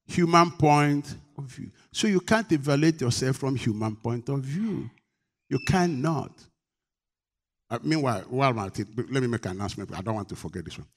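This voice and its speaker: An expressive pastor preaches fairly quickly in a slightly rough voice, emphatic throughout. He trades call-and-response questions with the congregation, and his pitch and volume rise in sudden bursts.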